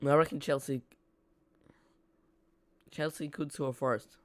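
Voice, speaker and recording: A man's voice: on the high side, steady tone, slow. A young man, hosting a live football watch-along in a chatty, self-mocking way. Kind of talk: casual live match commentary.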